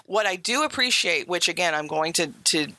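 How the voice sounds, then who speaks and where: Woman, podcast co-host, opinionated, bright tone, close dry mic. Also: fairly low pitch, lively intonation, normal speed, dry recording. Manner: opinionated, emphatic, quotes characters in voices. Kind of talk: casual film discussion.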